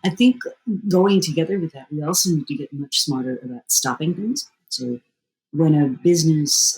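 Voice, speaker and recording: A woman being interviewed as a strategy expert, answering fluently and at length, with lively jumps in pitch. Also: poor audio. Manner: fluent and explanatory, with sudden lively rises in pitch.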